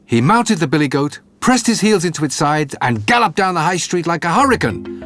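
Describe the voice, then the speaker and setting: A man narrating a fairy tale in an animated, expressive way. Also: fairly high pitch, normal speed, few pauses, over music. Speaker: storyteller. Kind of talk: storybook narration.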